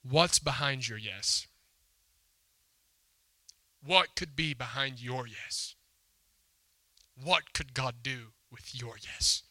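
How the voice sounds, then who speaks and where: Bright-voiced male pastor telling a story. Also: medium pitch, slow, pauses often, no echo. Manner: storytelling with acted quotes, emphatic and conversational. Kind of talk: sermon. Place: church hall before a congregation.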